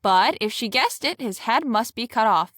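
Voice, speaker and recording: A woman reading a fairy tale aloud in a steady, plain storybook way. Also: on the high side, moderate pace, no echo, studio quality.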